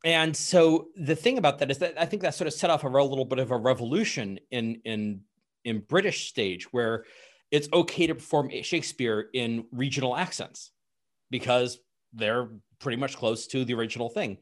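A man's voice: mid-range voice, normal speed. Male podcast guest, mid-range voice, eager and talkative explainer, casual chat. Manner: enthusiastic, explains at length.

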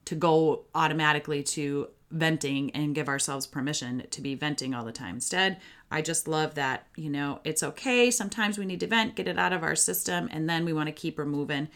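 A woman with a low voice hosts a parenting podcast alone. She is chatty and upbeat and speaks straight to her listeners as she gives advice. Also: a little fast, a bit bright.

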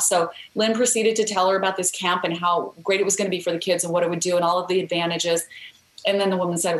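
A woman's voice: fairly low pitch, fairly quick. A middle-aged woman, a guest author, telling a story earnestly in a podcast interview, with fillers and restarts. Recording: roomy echo.

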